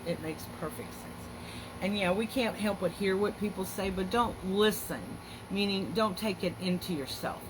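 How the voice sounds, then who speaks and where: A woman's voice: mid-range voice, normal speed, hardly any pauses, background noise. A woman hosting a casual livestream, talking in an earnest, encouraging way. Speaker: host.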